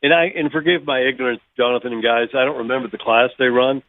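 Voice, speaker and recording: A man's voice: medium pitch, steady tone, fast, dry recording. A man, a guest former racing driver, rambling and backing up to restart his thoughts on a call. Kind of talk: casual chat on a call. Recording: tinny phone line.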